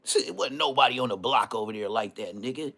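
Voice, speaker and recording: A man's voice: mid-range voice, quick pace, creaky, a bit bright, breathy edge. A middle-aged man, boasting and taunting his critics in a vlog rant full of street slang. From Inglewood, California. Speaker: vlogger. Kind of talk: trash-talking vlog rant.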